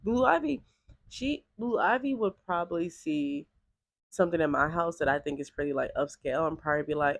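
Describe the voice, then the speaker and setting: A woman talking casually to camera in a vlog, chatty and animated, peppering her speech with "like". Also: low-pitched, fairly quick, no room sound. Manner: chatty and animated, heavy use of "like". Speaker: vlogger.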